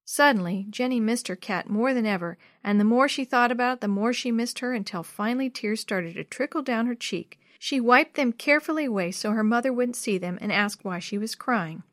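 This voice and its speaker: A woman narrating a children's chapter book in a clear, steady storytelling voice. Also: a little high, a little fast, few pauses, dry recording, studio quality.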